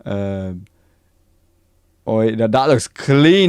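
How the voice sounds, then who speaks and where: A man streaming live, reacting to anime news in excited casual chat and answering his chat. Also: lowish voice, drawn-out words, clear, resonant tone, no room sound, clean studio sound.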